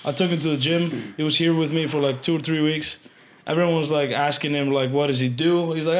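Icelandic man telling animated stories. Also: fairly high pitch, fairly quick. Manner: animated, swearing, acts out quotes loudly. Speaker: podcast guest. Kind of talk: casual storytelling chat.

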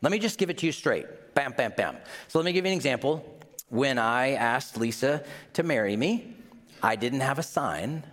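A man's voice: medium pitch, animated, normal speed, a bit bright. A man with a Midwestern accent preaching a sermon as pastor, conversational, putting questions to the congregation and acting out little scenes in mock voices.

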